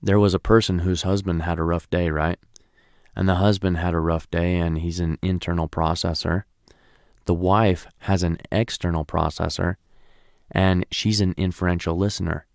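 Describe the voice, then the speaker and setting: A man's voice: sits low, level tone, moderate pace, gravelly, darkish tone, no echo, studio quality. A man teaching a recorded training lecture, conversational and often checking in with "right?".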